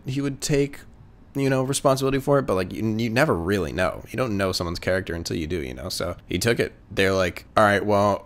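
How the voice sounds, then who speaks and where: A man's voice: low-pitched, fairly bright tone, a little hiss or hum. A young man telling a story casually, rambling with lots of fillers and swearing. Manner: rambling, filler-heavy, profane. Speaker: vlogger.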